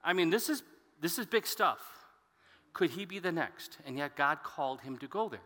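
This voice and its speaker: Bright-voiced preacher man in a hall. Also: a little high, expressive, normal speed. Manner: expository preaching, conversational asides to the congregation. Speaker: pastor. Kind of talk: sermon.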